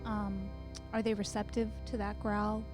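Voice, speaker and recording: Slow, hesitant woman host. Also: medium pitch, flat delivery. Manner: hesitant, soft-spoken questions. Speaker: radio show host. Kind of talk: improvised radio comedy. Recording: music playing behind.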